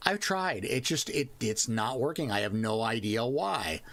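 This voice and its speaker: Slow-talking man hosting a livestream. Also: mid-range voice, lively intonation, a bit bright. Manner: playful, chats with viewers. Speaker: livestream host. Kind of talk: casual livestream chat.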